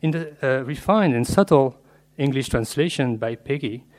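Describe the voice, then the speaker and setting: Man at a lectern reading a measured, scholarly paper on literature; middle-range voice, steady academic delivery. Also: medium pitch. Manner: measured and scholarly, slipping in Latin and French terms. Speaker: literature scholar giving a lecture. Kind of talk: academic lecture read from a paper.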